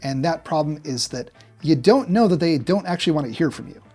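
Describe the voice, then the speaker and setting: Male presenter, direct and punchy, mid-high voice, tutorial delivery. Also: lively intonation, brisk, dark tone, husky, soft background music. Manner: direct, punchy, acts out examples. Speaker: marketing executive presenting a tutorial. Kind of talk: direct-to-camera business tutorial.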